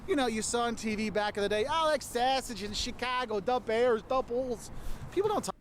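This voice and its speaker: A man with a notably high voice talks to camera outdoors, explaining things in a chatty, lightly humorous way. Faint city traffic hums in the background. It sounds like a casual travel vlog. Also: brisk. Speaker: travel vlogger.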